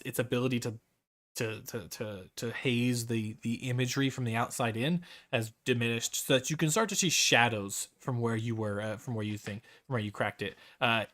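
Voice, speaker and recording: A man runs a tabletop game, narrating in a relaxed, rambling way. His voice sits at an ordinary middle pitch, and he stops and restarts often as he describes the scene. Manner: loose, halting narration full of fillers and restarts. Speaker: dungeon master.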